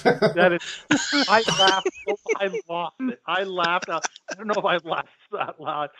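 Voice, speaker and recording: A man's voice: sits high, animated, measured pace, sharp tone, a little hiss or hum. A man co-hosting a podcast, rambling as he retells film scenes in casual chat. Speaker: podcast co-host. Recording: dull, dry lo-fi podcast mic.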